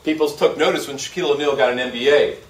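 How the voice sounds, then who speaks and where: A man giving a live university lecture, animated and asking his audience questions. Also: medium pitch, quick pace. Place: lecture hall. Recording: echoey hall, speaker far from mic.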